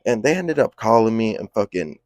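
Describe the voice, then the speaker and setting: A man's voice: lowish voice, big pitch swings, brisk, a little mellow, dry recording. A young man telling a casual story, full of slang and swearing, rambling along. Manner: profane, slang-heavy, rambling.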